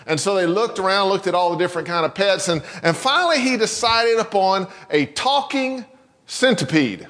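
A man with a high voice preaching a relaxed, folksy sermon, telling a story and circling back on his words as he goes. His voice rings with the long reverb of a church hall. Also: normal speed. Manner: conversational, folksy storytelling with many restarts. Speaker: pastor. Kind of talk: sermon with a told joke. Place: church sanctuary.

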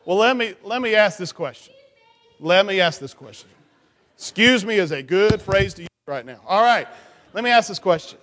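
A man with a high, light voice runs a lively children's church time in a reverberant hall. He is playful and animated, teasing the kids with questions and cheering on his young helper. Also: moderate pace. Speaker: children's pastor.

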